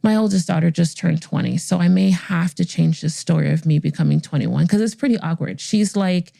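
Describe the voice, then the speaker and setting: Animated storytelling woman, mellow tone. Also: on the low side, a little fast, creaky, hardly any pauses, dry recording. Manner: animated, acts out the voices in her stories. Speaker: podcast host. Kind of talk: storytelling monologue.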